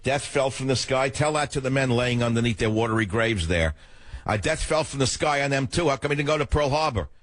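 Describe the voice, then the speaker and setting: An older man hosting political talk radio speaks a little fast, his studio mic catching no echo. He's emphatic and full of feeling, his voice swinging from loud to low.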